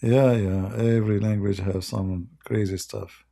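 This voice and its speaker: Male stream host, dark gravelly tone, mocking and rambling, voice going. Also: on the low side, steady tone, unhurried. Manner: mocking, rambling, laughs often. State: losing his voice. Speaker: live-stream debate host. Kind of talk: casual live-stream chat.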